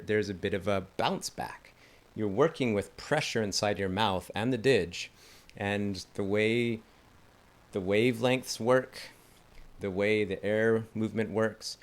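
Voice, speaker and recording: A man teaching a didgeridoo lesson in a casual, enthusiastic way, chatting and laughing at his own slips. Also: lowish voice. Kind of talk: casual instructional talk.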